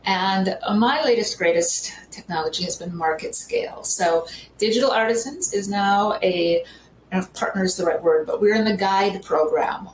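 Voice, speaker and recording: A woman's voice: lowish voice, a little hiss or hum. A middle-aged woman hosting her own podcast, chatting upbeat and gushing about how fun things were. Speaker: podcast host and founder. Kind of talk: casual solo podcast monologue. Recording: roomy echo.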